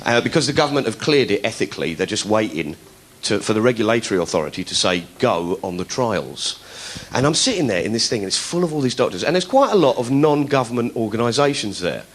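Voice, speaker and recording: A man doing stand-up storytelling, animated and laughing, slipping into high voices to mimic people. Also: fast talker. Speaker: stand-up comedian.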